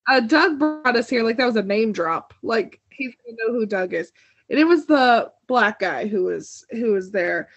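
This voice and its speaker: A woman's voice: fairly high pitch, expressive, normal speed. A young woman co-hosting a casual TV recap chat, talking with lots of fillers and frequent laughter. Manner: chatty, laughs often, many "like" fillers. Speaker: podcast co-host. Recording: dull dry lo-fi sound.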